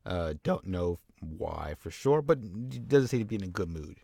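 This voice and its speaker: A man's voice: low-pitched, sing-song, moderate pace, vocal fry, mellow, no echo. A man casually narrating a wrestling game playthrough in an offhand, rambling way. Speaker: game commentator.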